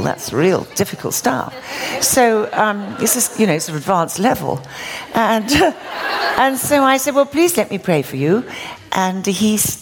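An older woman tells a church story in her sermon, and her voice swoops high and low as she acts out each exchange. She laughs easily and keeps the storytelling lively. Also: a little hiss or hum. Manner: animated, laughing storyteller acting out dialogue. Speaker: preacher.

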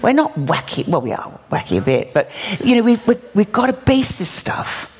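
A woman's voice: medium pitch, very animated, normal speed, husky. An older woman preaching a sermon, telling stories with laughter and acting out the dialogue. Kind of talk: storytelling sermon.

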